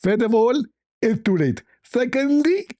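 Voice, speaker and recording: A man putting on a shrill gloating debate rival. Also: very animated, measured pace, dark tone, no echo, heavily acted. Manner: taunting, triumphant. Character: smug gloating male debate opponent.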